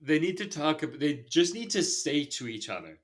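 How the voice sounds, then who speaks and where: A man's voice: a little high, sing-song, normal speed. A man talking through a movie review in loose, casual podcast chat. His delivery is dry and sarcastic, with laughter slipping in as he mocks the plot. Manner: sarcastic, laughs while criticizing. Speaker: podcast co-host.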